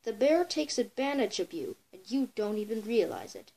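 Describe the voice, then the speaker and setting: A woman's voice: a little high, animated, moderate pace, mellow. A girl voicing a crafty, envious female fox who talks in a coaxing, mock-sympathetic way.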